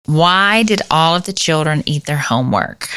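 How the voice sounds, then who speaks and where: A woman's voice: low-pitched, lively intonation, normal speed, fairly bright tone, clear, resonant tone, no room sound. A woman on a podcast cast, chatting casually and playfully telling a joke.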